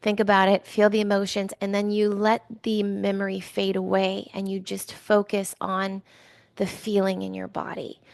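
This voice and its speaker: A woman's voice: mid-range voice, completely flat delivery, normal speed, vocal fry, darkish tone, no echo. A middle-aged woman giving a weekly card reading, talking in a chatty, emotional way with many fillers and restarts. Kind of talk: casual spiritual talk.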